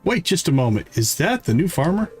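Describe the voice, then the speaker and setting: A man voicing a greedy, sharp-tongued female crow who scorns and insults people in a video game. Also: fairly high pitch, very animated, a little fast, faint music behind. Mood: indignant.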